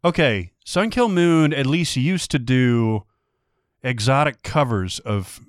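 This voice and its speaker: A man co-hosting a casual music podcast, playful and chatty with quick asides. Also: mid-range voice, lively intonation, no room sound, clean studio sound. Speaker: podcast co-host. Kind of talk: casual chat.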